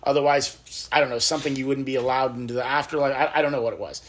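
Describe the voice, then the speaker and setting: A man's voice: mid-range voice, fairly even intonation, quick pace. A young adult man co-hosting a podcast, telling a story with feeling in a casual chat. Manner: emotional storyteller, acts out quoted lines. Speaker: podcast host.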